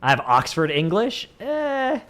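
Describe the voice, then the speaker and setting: A man speaks in a medium-pitched, fairly bright voice at a moderate pace. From the San Francisco Bay Area, with a Northern Californian accent, he chats casually with his stream viewers, rambling and using "like" a lot.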